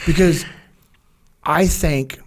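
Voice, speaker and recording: A man's voice: on the high side, extremely slow. A man as a podcast guest, telling a story in an earnest, openly emotional way, rambling with many restarts.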